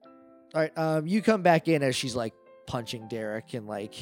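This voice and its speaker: A man's voice: medium pitch, expressive, normal speed, soft background music. Chatty man running a tabletop game. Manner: loose, chatty narration full of fillers, voicing characters. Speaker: game master. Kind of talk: narrating a tabletop game podcast.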